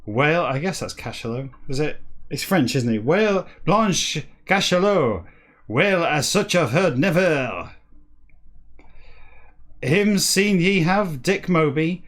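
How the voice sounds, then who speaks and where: A man reading a book aloud for comedy, breaking off into dry, deadpan asides. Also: on the high side, a little slow. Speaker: comic reader.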